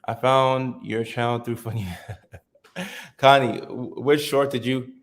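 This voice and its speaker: A man in his thirties hosts a casual live stream, speaking at a slow pace with a medium-pitched, steady voice. He chats loosely with viewers and reads their comments aloud, often restarting his sentences.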